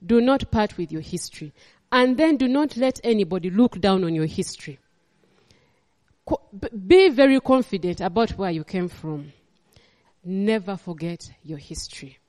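A woman's voice: medium pitch, a little mellow, long reverb tail. A woman pastor with a Ugandan accent preaching a sermon, emphatic and repeating her phrases.

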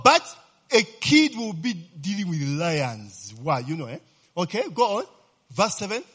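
A man's voice: a little high, breathy edge. A man preaching a sermon, constantly checking on his listeners with "eh?" and questions. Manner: lively, keeps checking the listeners with "eh?" and quizzing them.

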